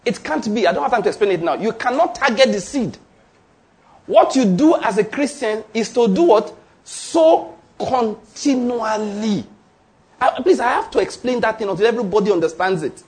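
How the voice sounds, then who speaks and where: Preaching a sermon in church, this pastor has a high, expressive voice and talks fairly quickly. He quizzes the congregation with call-and-response, hammers his points home through repetition, and sometimes laughs.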